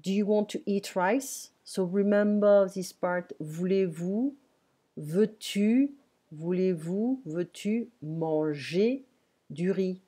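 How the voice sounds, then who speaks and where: Teacher lady, soft warm voice, says things twice real patient. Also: medium pitch. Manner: patient, repeats phrases slowly and clearly. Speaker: French teacher. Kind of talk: live online language lesson.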